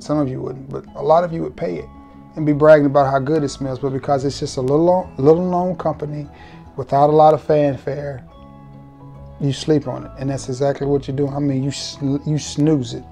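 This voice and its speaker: A man's voice: a little high, dark tone. A man hosting a casual fragrance review vlog, talking straight to viewers in a laid-back, joking, colloquial way.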